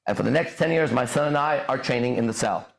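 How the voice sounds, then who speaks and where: A man ranting as a podcast host, profane and forceful, hammering each point with blunt emphasis. His voice sits in a middling register. A roomy echo hangs around every line. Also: medium pitch, quick pace, creaky. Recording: echoey room.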